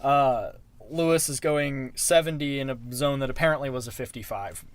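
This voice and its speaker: A young man guest in a casual chat, reacting with quick interjections and telling stories. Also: medium pitch.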